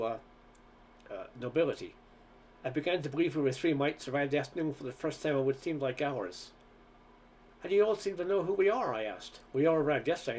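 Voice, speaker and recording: A man's voice: medium pitch, darkish tone, slight background noise. A man reading a novel aloud in earnest storytelling, now and then stumbling over words. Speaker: audiobook reader.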